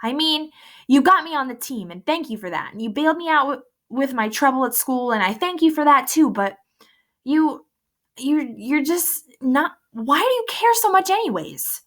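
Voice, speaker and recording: A woman's voice: sits high, expressive, moderate pace, a bit bright, pitched above the performer's own voice. A woman voicing a teenage boy who talks back in a raw, defensive way. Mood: defiant. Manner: raw, pushing back hard.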